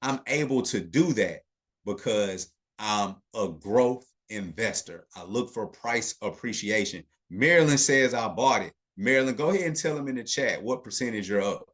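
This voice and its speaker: A man's voice: on the low side, expressive, normal speed, fairly bright tone. A man teaching a live online investing class in a casual way, emphatic and talking straight to his chat audience, repeating key points and checking in with "okay".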